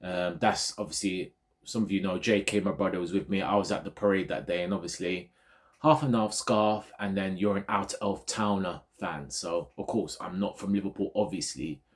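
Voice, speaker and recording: A Ghanaian football vlogger with a deep voice rants casually at a moderate pace about online fans. He's animated, digressive, and keeps repeating himself.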